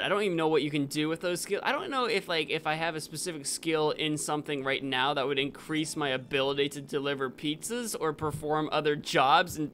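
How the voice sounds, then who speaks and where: A young man live-streaming a video game, rambling and correcting himself, with sudden excited outbursts. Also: on the high side, slight background noise.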